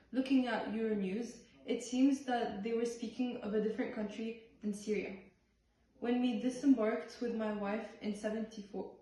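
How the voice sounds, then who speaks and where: A woman performing a play by reading the script aloud in a halting way, with restarts on some words. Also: on the high side, mellow. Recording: far-off voice in a very echoey room.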